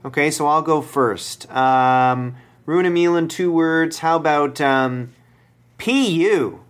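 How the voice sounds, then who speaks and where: A man hosting a podcast and running a game segment, talking in a halting, dry way with many fillers. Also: on the high side, fairly bright tone, clean tone. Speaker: podcast host.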